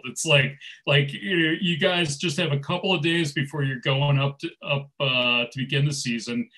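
A man's voice: a little high, steady tone, normal speed, few pauses, sharp tone, rough recording. A man chatting casually as co-author, hesitant, filling with like and you know. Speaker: co-author, guest. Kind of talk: casual chat.

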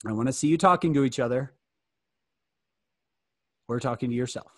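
An American man giving an interactive fireside talk, animated and joking, often asking his listeners questions. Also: medium pitch, normal speed, dry recording. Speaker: fireside speaker.

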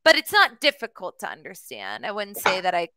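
A woman's voice: medium pitch, wildly swooping pitch, fairly quick, pushed and bright, a little hiss or hum. A woman from the United States tutoring English in a casual conversation class, chatty and friendly, with lots of fillers.

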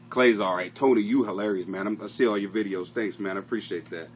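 A man's voice: fairly low pitch, steady tone, fast talker, few pauses, slight background noise. A middle-aged man hosting his own comedy podcast from a home basement, chatting casually in a profane, rambling, self-mocking way. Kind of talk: casual live-stream chat.

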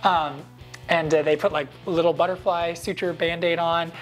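A man in his thirties casually telling behind-the-scenes stories to camera, animated and acting out quoted lines in a higher voice. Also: moderate pace, soft background music. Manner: animated, jumps up in pitch to act out quoted lines.

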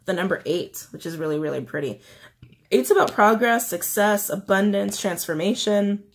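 A woman's voice: mid-range voice, lively intonation, breathy edge. A woman giving a casual tarot reading, reading guidebook passages aloud and then explaining them in a chatty way with frequent fillers. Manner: chatty, reads card texts slowly then explains with lots of "like" and "um". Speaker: tarot reader.

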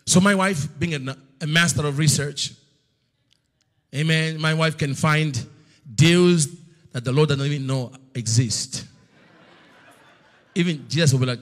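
Husky, animated man preaching a story. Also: a little high. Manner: storytelling, acts out God's voice in loud slow bursts; drops to hushed near-whisper for drama. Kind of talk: sermon.

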